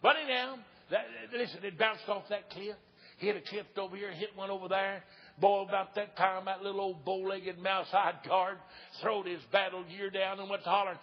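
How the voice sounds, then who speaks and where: An older man preaching an old-time revival sermon as an evangelist, fervent and folksy, sometimes shouting and hollering. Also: sits high, fairly even intonation, normal speed. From Tennessee. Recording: dull old recording with long hall reverb.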